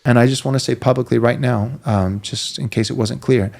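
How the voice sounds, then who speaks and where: A man, a pastor, speaks in a played clip with a mid-pitched voice. He is blunt and defiant, spacing out his phrases for emphasis. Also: steady tone, brisk, vocal fry, darkish tone. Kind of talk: played clip of a sermon-style talk.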